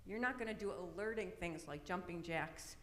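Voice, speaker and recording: A middle-aged woman with a lowish voice gives an autism awareness talk in a church hall at a moderate pace, keeping it conversational and often checking in with tag questions. The echoey hall adds long reverb, and there's slight background noise.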